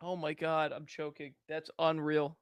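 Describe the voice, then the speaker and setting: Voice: medium pitch, clear, resonant tone, dry recording. A streamer giving casual reaction commentary on posts, reading them aloud, saying dude and man, and breaking into laughter again and again. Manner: slangy and loose, says dude and man.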